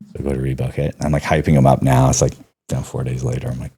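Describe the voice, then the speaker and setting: Man, very low pitch, husky, casual podcast guest, animated storytelling. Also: quick pace. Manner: animated storyteller, acts out quotes.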